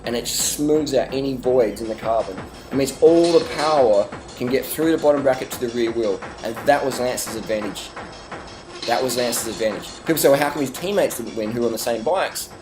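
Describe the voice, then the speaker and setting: Aussie guy doing a sarcastic rambling rant, deadpan, swears a bit, faint music behind. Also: medium pitch. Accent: Australian. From Australia. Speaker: vlogger.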